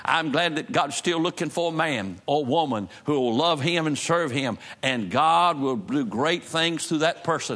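A male pastor praying and then preaching, reading scripture slowly and with emphasis. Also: fairly high pitch, animated, a bit bright. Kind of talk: sermon with opening prayer.

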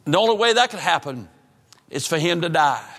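A man preaching with a high, bright voice, full of fervent repetition that sinks to a hush on the solemn lines. His voice rings through a church hall with a long reverb. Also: very animated, fairly quick. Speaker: pastor. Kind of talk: sermon.

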